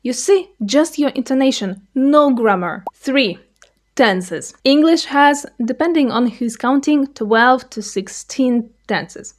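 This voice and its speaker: A young woman with a Russian accent, a native Russian speaker, giving a playful, clearly explained scripted video lesson. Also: sits high, animated, takes it slowly. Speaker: language teacher.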